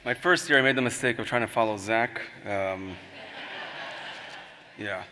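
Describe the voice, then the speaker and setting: Male host at a podium, bright, halting intro, hall reverb. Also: lowish voice, slight background noise. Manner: loose, hesitant, with fillers. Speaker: conference host. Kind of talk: introducing a keynote speaker.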